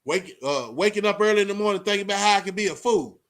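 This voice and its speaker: A man talks straight to his viewers in a loose, streetwise vlog, sermonizing about respect and real talk. His voice sits fairly high for a man, and he keeps tossing in "man" between thoughts. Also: quick pace. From Austin, Texas. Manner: streetwise, preachy, repeats "man" and "you know what I'm saying". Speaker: vlogger. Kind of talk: casual talk to camera.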